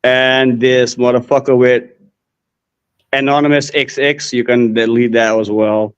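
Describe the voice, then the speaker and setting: A man from the Netherlands, co-hosting a casual live-stream chat, blunt and quick to swear. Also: medium pitch, flat delivery, smooth. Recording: dull lo-fi stream audio.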